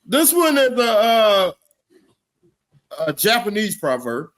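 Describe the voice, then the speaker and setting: A man's voice: sits high, wildly swooping pitch, takes it slowly, fairly bright tone. A man co-hosting a comedy podcast, chatting casually and reading out jokes between fits of giggles.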